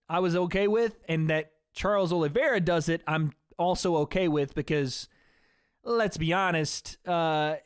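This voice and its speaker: Hoarse, high-voiced male streamer. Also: dry recording, studio quality. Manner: rambling, swearing, talks straight to chat. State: hoarse, voice worn out. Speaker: livestream host. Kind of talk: casual livestream watch-party chat.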